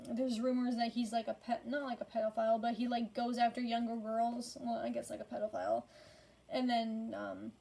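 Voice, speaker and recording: A woman's voice: on the high side, darkish tone. A tired woman casually ranking movies in a rambling, profane way, full of fillers and frequent swearing. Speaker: movie reviewer.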